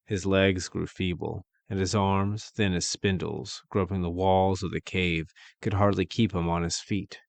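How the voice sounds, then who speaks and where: A man narrating a dark fantasy story in a measured, dramatic way with archaic phrasing. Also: low-pitched, fairly even intonation, vocal fry, no echo.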